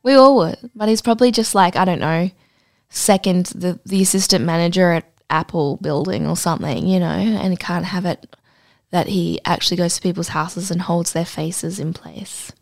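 A woman co-hosting a podcast, reading a listener's story aloud in a dry, deadpan way and adding blunt asides. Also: lowish voice, moderate pace, gravelly, no room sound. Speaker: podcast co-host.

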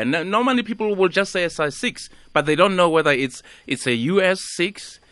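A man's voice: high voice, animated, brisk, a bit bright, smooth, dry recording. A man hosting a radio show, chatty and upbeat as he interviews a guest. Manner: chatty, upbeat, laughs easily. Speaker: radio host. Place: radio studio.

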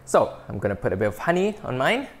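A man's voice: mid-range voice, fast, a little hiss or hum. A man hosting a casual cooking podcast, cooking and tasting as he talks and often breaking into delighted exclamations. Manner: excitable, bursts into delighted exclamations. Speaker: cooking show host.

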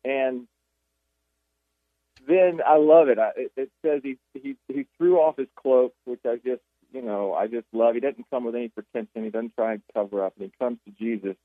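A man's voice: mid-range voice, normal speed, dry recording. Man telling Bible stories over a phone line. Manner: animated storytelling with many restarts. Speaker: author and guest. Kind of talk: radio interview, retelling Bible stories. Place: Jacksonville.

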